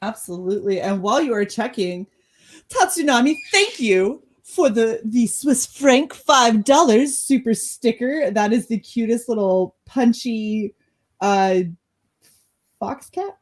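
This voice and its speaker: A woman's voice: a little high, expressive, measured pace. A young adult woman hosting a casual livestream, reading chat comments aloud and laughing often. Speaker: host.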